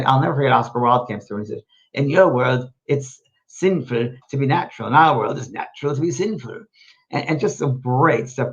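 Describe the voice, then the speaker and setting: A man hosting a live show as a medium, answering viewer questions in a gentle, rambling, reassuring way. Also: medium pitch, dull audio. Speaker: host and medium.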